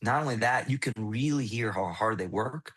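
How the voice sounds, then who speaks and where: An American man, a musician, talking in a casual podcast chat, animated, swearing freely and restarting often. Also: mid-range voice, normal speed, breathy edge. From United States. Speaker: guest musician.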